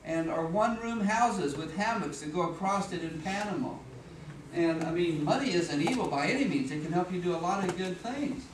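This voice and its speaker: Lively, humorous man giving a motivational talk. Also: sits high, normal speed. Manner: humorous, animated, acts out voices and sounds. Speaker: speaker at a business meeting. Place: office meeting room. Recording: echoey room, far from mic, background noise.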